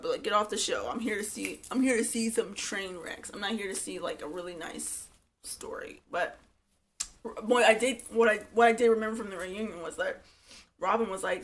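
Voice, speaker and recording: A young woman giving blunt, profane, animated commentary on a reality show, acting out quotes as she retells scenes. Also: medium pitch, fairly quick. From Virginia Beach, USA. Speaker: reality TV reviewer. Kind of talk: casual commentary.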